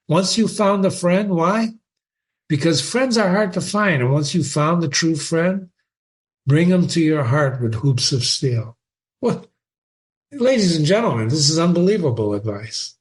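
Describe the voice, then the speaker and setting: A chatty, enthusiastic man who paraphrases old lines into everyday speech. He speaks slowly in a slightly high voice. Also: lively intonation. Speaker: host explaining a play. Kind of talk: casual reading commentary.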